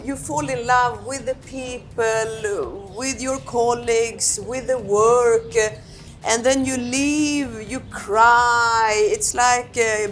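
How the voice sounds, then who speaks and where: A woman ambassador, answering interview questions in a reflective, unhurried way and often repeating her words. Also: on the high side, slight background noise. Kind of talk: candid conversational interview answers.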